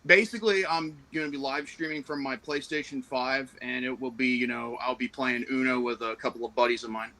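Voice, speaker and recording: Stream guest: man with a faint Southern accent, bright and forward tone, halting delivery. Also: mid-range voice, steady tone, low-quality recording. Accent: light Southern American. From American South. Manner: hesitant, many fillers and restarts. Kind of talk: casual livestream chat.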